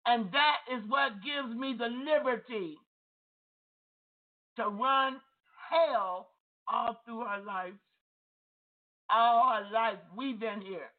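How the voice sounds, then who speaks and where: A woman voicing a mocking demonic spirit that answers in a low, taunting tone, heard over tinny phone-like audio. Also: slow pace, long pauses.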